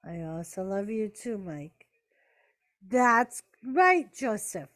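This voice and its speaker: A woman's voice: mid-range voice, very animated, takes it slowly, fairly bright tone. A woman hosting a casual live-stream watch party, chatting with viewers, calling the action and talking to her pets. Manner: chatty, answers chat and talks to her pets.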